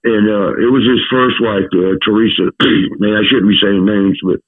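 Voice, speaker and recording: A man telling a rough story as a podcast guest, swearing, laughing and repeating his words as he goes. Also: fairly low pitch, normal speed, slight background noise. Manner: profane, laughing, stammering repeats. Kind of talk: casual storytelling. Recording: tinny phone-like line.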